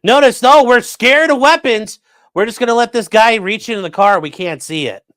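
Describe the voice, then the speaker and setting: A man's voice: very high-pitched, normal speed, fairly bright tone, dry recording. Sarcastic profane male streamer, dry sound. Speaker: streamer host. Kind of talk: casual live commentary.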